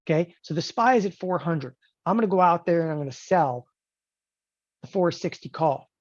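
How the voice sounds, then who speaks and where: A man teaching options trading in an animated lecture, emphatic and joking, often checking in with the listener. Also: fairly high pitch, normal speed, no echo. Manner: emphatic, joking, keeps asking "okay?". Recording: dull lo-fi dry recording.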